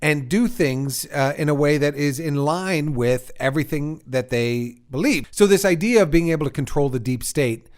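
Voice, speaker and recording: A man's voice: a little high, normal speed, hardly any pauses. A man co-hosting a podcast, explaining ideas step by step in a casual chat with dry humor. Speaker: podcast co-host. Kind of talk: casual conversational discussion.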